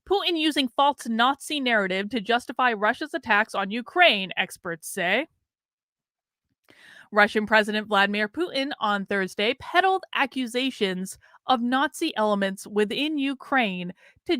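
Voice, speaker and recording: A woman's voice: mid-range voice, a bit bright, no echo, clean studio sound. A woman hosting a political commentary livestream, reading articles and viewer comments aloud with sarcastic asides. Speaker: livestream host.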